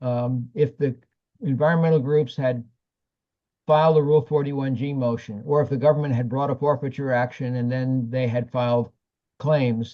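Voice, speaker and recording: A man, a former federal prosecutor, explaining legal points as a guest in a webinar conversation, measured and full of ums. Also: medium pitch, muffled recording.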